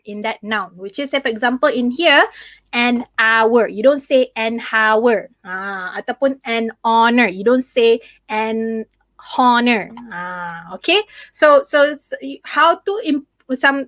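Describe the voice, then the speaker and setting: A woman's voice: a little high, a bit bright, no room sound, clean studio sound. A young Malaysian woman, a tutor in a live online English lesson, switching into Malay with many fillers.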